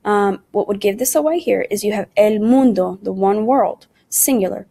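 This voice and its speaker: A woman's voice: medium pitch, normal speed, gravelly, mellow. A woman teaching a recorded Spanish lesson, speaking in English. She walks through the material patiently and keeps calling the class "guys". She drops Spanish words and conjugations in between her English. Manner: patient, explains step by step and often calls the class "guys".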